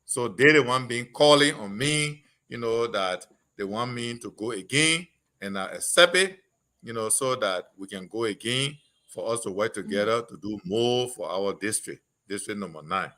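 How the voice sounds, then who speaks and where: A man's voice: on the low side, expressive, normal speed, bright, forceful tone. A man with a Liberian English accent, a politician guest telling stories on a radio talk show, quoting constituents.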